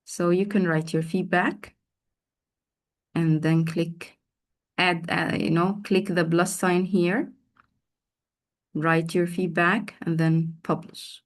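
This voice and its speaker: Woman, teacher trainer, slow unhurried delivery, drills words by repeating them, video call. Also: lowish voice, level tone. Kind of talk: online teacher training session.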